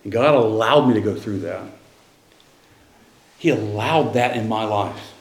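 Conversational pastor preaching in a roomy church. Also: male voice, on the low side, measured pace. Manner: conversational storytelling with restarts. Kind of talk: sermon. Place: church sanctuary.

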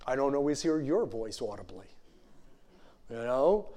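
A male pastor preaching a sermon in a conversational way, full of "you know" asides and slowing down to stress key phrases. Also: on the high side, darkish tone. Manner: slows down to stress scripture phrases.

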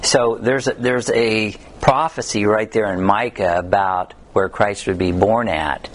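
A man's voice: on the low side, unhurried. Male Bible study teacher, conversational delivery with funny stories and scripture readings, faint background noise. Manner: conversational, tells humorous stories, reads scripture aloud.

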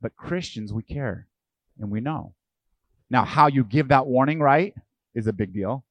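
A man's voice: medium pitch, expressive, measured pace, no echo. A man preaching a sermon as pastor. He asks his listeners questions and acts out the voices of the people he quotes.

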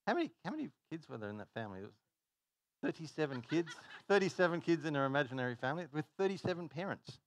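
A man's voice: a little high, very animated, quick pace, dry recording. A man preaching a conversational sermon, telling stories, stopping himself mid-sentence and acting out dialogue. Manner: chatty, self-interrupting, acts out dialogue.

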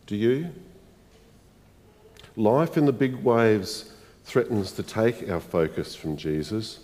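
A male pastor gives a sermon in a slow, unhurried way, with long pauses between phrases. His voice sits at an ordinary pitch. He keeps asking the congregation reflective questions, and his words ring out with a long church-hall reverb. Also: big pitch swings, a little mellow.

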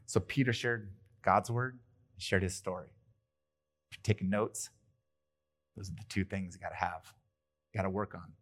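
A male pastor preaching a sermon in a church, talking in a lively, conversational way with playful asides. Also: on the low side, normal speed, long pauses. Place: church hall.

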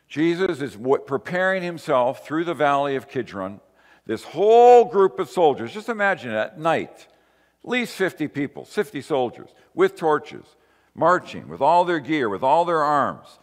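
Man teaching scripture in a reverberant hall. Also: medium pitch. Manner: conversational, questioning the listener. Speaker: preacher. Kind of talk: sermon, Bible teaching.

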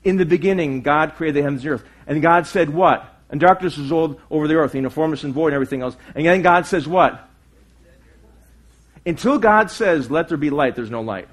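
A man preaching a sermon as pastor. He speaks earnestly, puts questions to his congregation, and moves between loud emphatic lines and quiet asides. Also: fairly high pitch, brisk.

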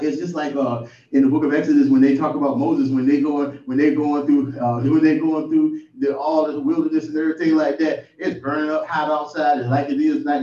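A man with a warm, somewhat high voice preaches an informal sermon, telling folksy stories that build up to exclamations. It was recorded in a room that sounds distant, echoey and muffled.

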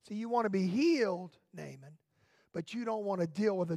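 Guy preaching in church, real high pitched, fired up, keeps asking why why why and shouting. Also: animated, normal speed, no echo, studio quality. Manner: impassioned, repetitive rhetorical questions, rising to shouts. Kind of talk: sermon.

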